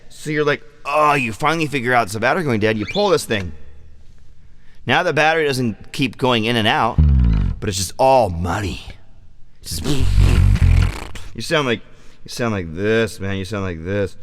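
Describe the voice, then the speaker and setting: A man vlogging casually about his bass gear, loose and profane, joking and acting out his own reactions. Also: expressive, moderate pace, pauses often. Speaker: vlogger and musician. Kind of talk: casual rambling vlog. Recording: music playing behind the voice.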